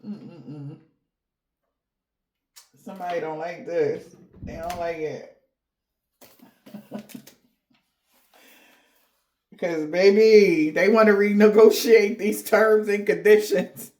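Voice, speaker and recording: A woman's voice: lowish voice, takes it slowly, pauses often, a little mellow. Woman tarot reader, candid and profane, chatty reading to viewers. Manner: blunt, profane, chatty with laughing asides. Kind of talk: casual spiritual reading to viewers.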